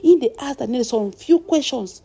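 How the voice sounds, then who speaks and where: A woman's voice: high voice, animated, moderate pace, creaky, mellow, breathy edge. Chatty Nigerian woman dishing gossip. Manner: chatty, addresses audience as "my people". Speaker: celebrity gossip vlogger. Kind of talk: gossip storytelling.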